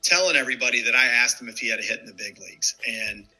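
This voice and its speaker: A man in his fifties tells old stories in a loose, casual way, full of fillers. His voice is very bright and forward. When he quotes someone, his pitch jumps sharply. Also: fast talker, low-quality recording. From United States. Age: 50s. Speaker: former baseball player, guest. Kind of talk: casual storytelling.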